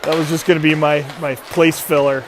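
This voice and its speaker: Midwestern male co-host, chatty and meandering, a touch high-pitched, faint background noise. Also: level tone, brisk. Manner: rambling, chatty, self-mocking. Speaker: youth hockey stream commentator. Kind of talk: casual livestream commentary.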